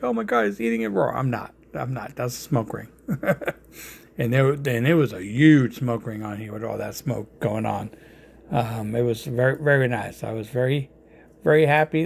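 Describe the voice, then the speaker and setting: Casual cooking-show host, a man with a New York accent and a gravelly, creaky voice, rambling and easygoing. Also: medium pitch. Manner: rambling, lots of fillers and restarts.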